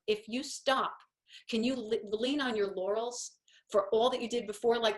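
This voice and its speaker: A woman's voice: on the high side, fairly even intonation, moderate pace. A woman in her fifties hosting a casual coffee-talk monologue, telling stories in a rambling, self-deprecating way. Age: 50s. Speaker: host.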